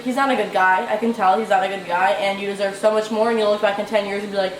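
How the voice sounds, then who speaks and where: A woman's voice: fairly high pitch, steady tone, fast, far from the mic, a little hiss or hum. A young woman giving blunt relationship advice in a casual vlog, rambling with lots of "like" and swearing freely. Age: young adult. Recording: echoey room, away from the mic, faint ambience.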